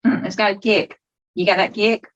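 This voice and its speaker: A woman chats as a podcast guest, homey and expressive, full of folksy sayings. Her pitch is ordinary. The sound is a little dull. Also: moderate pace. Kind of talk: casual chat, taste-testing.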